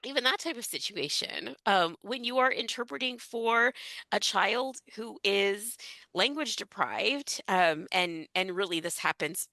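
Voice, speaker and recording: A woman guest on a podcast, an educational interpreter, explaining her work in an animated, emphatic way with frequent laughs. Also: mid-range voice, measured pace, no room sound. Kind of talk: casual podcast conversation.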